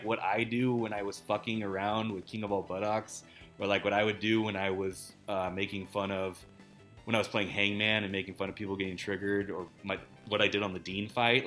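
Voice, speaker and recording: Swearing gaming streamer man, echoey room. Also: lowish voice. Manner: swears a lot, laughs often, loud outbursts while playing. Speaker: live streamer. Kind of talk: casual gaming stream chat.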